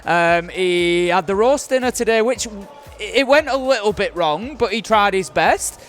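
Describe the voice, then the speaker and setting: British dude in his 30s casting, high-ish voice, lots of ums, faint music behind. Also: expressive, a bit bright. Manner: measured, hesitant with ums, dry teasing. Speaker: esports caster. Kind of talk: casual co-caster banter.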